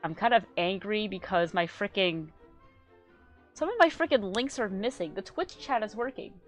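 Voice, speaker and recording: A woman chatting casually on a live stream, rambling and excitable, swearing freely and getting loud when worked up. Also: mid-range voice, moderate pace, soft background music. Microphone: desk microphone she adjusts.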